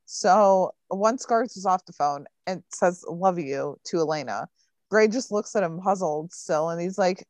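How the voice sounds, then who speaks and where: Lowish woman voice, chatty podcast recap, lots of likes and ums, dry sound. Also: unhurried, darkish tone, dry recording. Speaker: podcast co-host recapping a TV episode. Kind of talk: casual recap chat.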